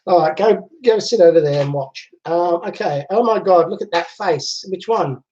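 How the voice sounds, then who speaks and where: A man's voice: high-pitched, normal speed, mellow. A man hosting a casual live chat from home, chatting and laughing easily as he reads out viewer comments. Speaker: livestream host. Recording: dull lo-fi livestream audio.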